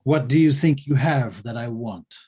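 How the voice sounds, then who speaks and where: A man's voice: on the low side, lively intonation, unhurried, husky, exaggerated voice. A man voicing a cold, scheming female drow leader who speaks haughtily and threateningly in a tabletop game. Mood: haughty.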